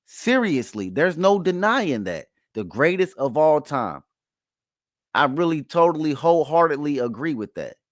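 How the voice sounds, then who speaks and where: Emphatic high-voiced man reacting to sports. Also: big pitch swings, unhurried, no echo, clean studio sound. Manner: emphatic, playfully mocking, repeats himself. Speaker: reaction video host. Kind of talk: casual sports reaction commentary.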